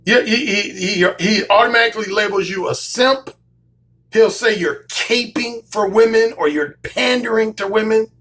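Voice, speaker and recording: A man's voice: high voice, moderate pace, sharp tone. A man who works as a dating coach, telling a story in a casual monologue, emphatic, often repeating his phrases and swearing freely. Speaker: dating coach and YouTube commentator.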